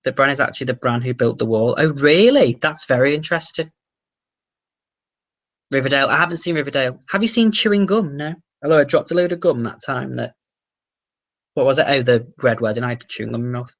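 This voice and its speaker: A young man with an English accent, hosting a casual livestream and chatting excitably as he answers viewer comments, swearing now and then. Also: mid-range voice, fairly quick. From England. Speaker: livestream host.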